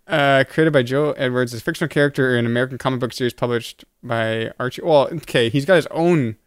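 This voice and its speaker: A man's voice: mid-range voice, fast, clean tone, dry recording, clean studio sound. A man answering trivia questions in a casual podcast chat, laid-back and wry. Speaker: quiz contestant.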